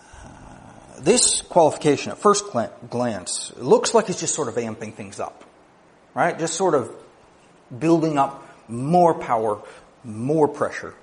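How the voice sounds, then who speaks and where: A man's voice: medium pitch, very animated, unhurried. A male pastor delivering a sermon, teaching in numbered points and rising to emphatic peaks.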